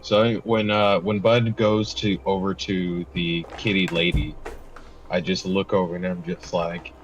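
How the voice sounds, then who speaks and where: A man's voice: sits low, level tone, a little slow, highs cut off, a little hiss or hum. A man playing a tabletop game, chatting casually, laughing often and swearing now and then. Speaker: player.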